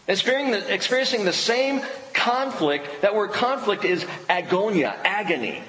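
A man's voice: sits high, sing-song, fairly bright tone. Man preaching in an echoey church. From United States. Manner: emphatic, with dramatic pauses on key words. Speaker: pastor. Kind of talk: sermon. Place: church sanctuary. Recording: echoey hall with long reverb.

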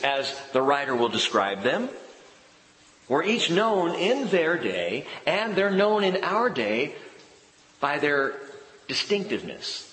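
A male pastor preaching a sermon, animated and expressive, often dropping his voice low and soft for emphasis. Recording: echoey hall with long reverb.

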